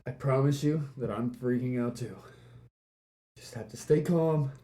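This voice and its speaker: A woman's voice: extremely low pitch, a little slow, mellow, voice pushed down. A woman voicing a protective, defiant young cat heroine in a tabletop game. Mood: steadying.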